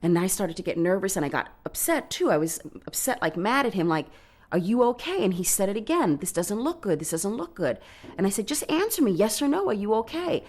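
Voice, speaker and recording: A woman giving interview testimony, recounting a hard memory in a halting, emotional way. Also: mid-range voice, big pitch swings, darkish tone.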